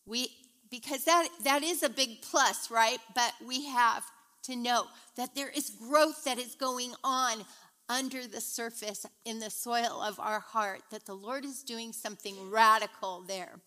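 A middle-aged woman teaching a women's Bible study in a chatty, animated way, retelling stories as she goes. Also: a little high, a little slow. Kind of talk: casual devotional teaching.

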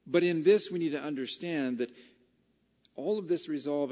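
A man preaching a casual, conversational Bible study sermon that builds to excited, emphatic peaks. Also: a little high, normal speed, in a large hall, highs cut off.

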